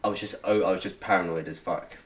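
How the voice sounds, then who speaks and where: A man's voice: deep voice, fairly even intonation, quick pace, fairly bright tone, slight background noise. A young man, co-hosting a podcast and telling a long story in casual, sweary chat. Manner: rambling storytelling, heavy swearing, frequent laughter. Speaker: podcast co-host.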